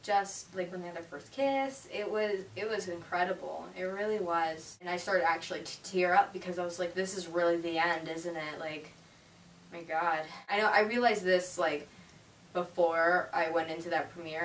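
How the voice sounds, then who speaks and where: A woman's voice: on the low side, moderate pace. A teenage girl reviewing a movie in a chatty, gushing way, with lots of "like". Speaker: vlogger. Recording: roomy, distant mic, faint hiss.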